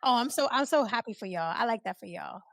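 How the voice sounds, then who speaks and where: A woman from the Bronx hosting a podcast, chatting casually, lively and quick to laugh as she acts out what people said. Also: fairly high pitch, gravelly, no room sound. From Bronx, New York. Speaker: podcast host. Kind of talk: casual chat.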